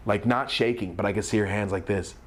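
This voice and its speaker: A young man telling a comedic story time, animated and acting out the voices of the people in it. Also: lowish voice, brisk. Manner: animated, acts out quoted voices.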